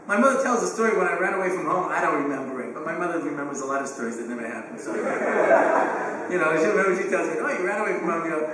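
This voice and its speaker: A man in his fifties, a rabbi lecturing parents, animated and joking, with quick asides, recorded from a distance in a large hall. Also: a little high. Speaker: rabbi and speaker on education. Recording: echoey hall, distant mic, faint hum.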